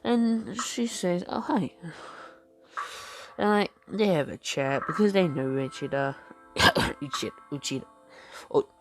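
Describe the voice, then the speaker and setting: A woman's voice: fairly low pitch, slow pace, faint music behind. A woman improvising a fan story, hesitant, with lots of fillers and self-corrections. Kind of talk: improvised fan-fiction narration.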